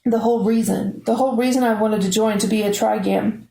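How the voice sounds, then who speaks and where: A woman's voice: a little high, fairly even intonation, fairly quick, gravelly, dark tone, roomy sound, poor audio. A woman voicing a tearful, upset teenage girl who talks emotionally. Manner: weepy, emotional.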